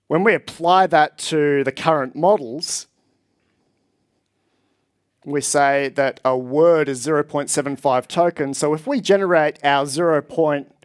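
A man presents at a tech conference with a slightly high voice. He explains figures eagerly and speaks to a live audience from the stage. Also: a little slow.

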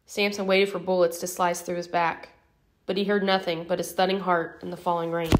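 A woman reading a novel aloud as an audiobook narrator in a steady, even storytelling manner. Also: fairly low pitch, a little fast. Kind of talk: scripted narration.

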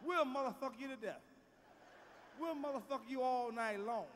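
Loud, profane stand-up comic, high voice. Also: male voice, normal speed. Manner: loud, profane, booming delivery, shouts punchlines. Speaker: stand-up comedian. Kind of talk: stand-up routine. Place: large theater stage. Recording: live stage recording, big hall reverb, faint crowd noise.

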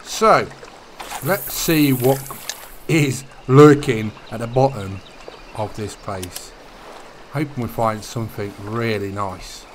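A young man talks casually over a fishing game, his voice sitting at an ordinary middle pitch. He drifts from chat into friendly tips in a relaxed, easygoing way. A faint background noise runs under the recording. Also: slow. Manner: chatty, relaxed, gives tips. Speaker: gaming YouTuber. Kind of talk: casual gameplay commentary.

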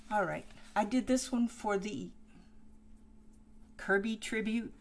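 A woman chats through a coloring stream with the hiccups, drifting between plain talk and soft half-whispers. Her voice has a gravelly, fry-laden edge and she talks slowly. A faint background hiss sits under her desk-mic recording. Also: mid-range voice. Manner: unhurried, musing, often trails into soft half-whispers. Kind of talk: casual live-stream chat while coloring.

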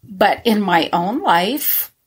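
A woman's voice: medium pitch, lively intonation, takes it slowly, slightly rough. A woman co-hosting a casual podcast, speaking reflectively about her own experience and often affirming with short replies. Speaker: podcast co-host.

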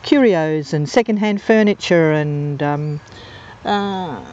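A woman's voice: deep voice, takes it slowly, darkish tone. A woman from England narrates off the cuff as she films wild birds on a golf course, wandering from one story to the next with lots of ums and uhs. The sound is a little muffled and dull, caught on a handheld camera mic outdoors. Birds squawk in the background. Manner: rambling, anecdotal, many ums and uhs. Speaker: amateur nature videographer. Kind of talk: casual off-the-cuff narration while filming.

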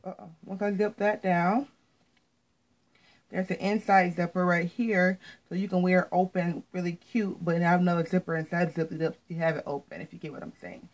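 Chatty american lady doing a clothing haul, lowish voice, keeps saying you guys. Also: flat delivery, moderate pace, a little hiss or hum, rough recording. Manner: chatty, repeats words, says "you guys" often. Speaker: fashion vlogger. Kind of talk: casual haul video.

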